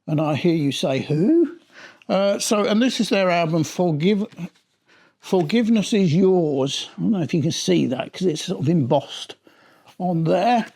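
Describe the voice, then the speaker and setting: A man's voice: high voice, normal speed, a little mellow. A middle-aged man giving a casual, rambling spoken review of a vinyl album, often restarting his sentences. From Britain.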